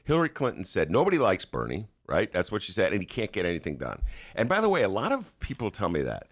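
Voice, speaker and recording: Male podcast host, low-ish and very lively, mocking commentary in a studio. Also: fast talker. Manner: animated, mocking, shifts into put-on voices. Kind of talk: sarcastic political commentary. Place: radio studio.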